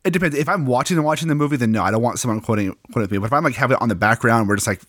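A man's voice: mid-range voice, rapid-fire, fairly bright tone, dry recording, studio quality. A man co-hosting a podcast in casual chat, laid-back and self-deprecating, laughing often. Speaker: podcast co-host.

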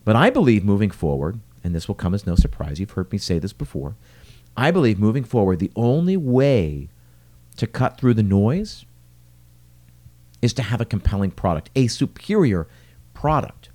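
A middle-aged man with a warm, mellow tone gives an earnest solo podcast talk, circling his point with rhetorical questions. His pitch rises and dips freely as he leans on key words. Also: sing-song, moderate pace. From lives in New York City. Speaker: restaurateur and podcast host.

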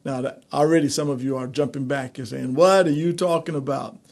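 A male pastor teaching a streamed Bible study in a conversational preaching manner, building to animated emphasis. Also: mid-range voice, a little fast, gravelly.

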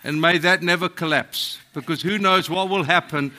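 A man's voice: fairly high pitch, steady tone, normal speed, bright, forceful tone. A man in his sixties with a South African accent, preaching a humorous, self-deprecating sermon in a church. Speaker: guest preacher. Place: church hall.

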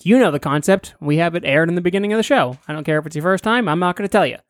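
A man's voice: sits high, animated, rapid-fire, no echo, clean studio sound. A young man co-hosting a casual podcast, rambling and swearing as he improvises silly stories. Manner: rambling, profane, jokey. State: hot and sweaty. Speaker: podcast co-host. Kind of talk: casual chat, improvised storytelling.

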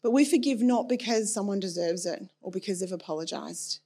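A woman's voice: mid-range voice, lively intonation, a little fast, dark tone. A woman preaching a sermon in an earnest, personal and conversational way.

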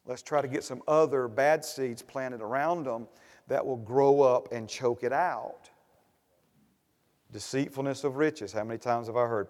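A man's voice: mid-range voice, measured pace, a little mellow. A man preaching a sermon as pastor, building to emphatic bursts and repeating refrains. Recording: long hall reverb.

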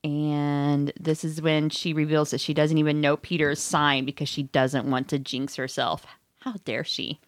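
A woman's voice: low-pitched, little pitch movement, normal speed. A podcast host from Missouri, a woman chatting casually as she recaps a book, often saying "like" and acting out the lines she quotes.

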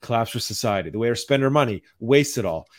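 A man's voice: mid-range voice, expressive, fast. Mild-mannered man ranting on a podcast. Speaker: podcast host. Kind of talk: casual podcast chat.

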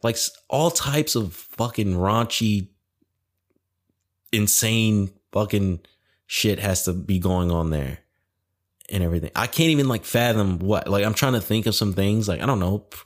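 A man's voice: on the low side, measured pace. A young man hosting a podcast alone, rambling in casual chat, packed with "like" fillers and frequent swearing. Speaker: podcast host.

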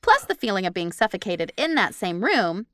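Animated woman reading listener stories. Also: mid-range voice, moderate pace, dry recording, studio quality. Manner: animated, laughing, reads with expression. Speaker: podcast co-host.

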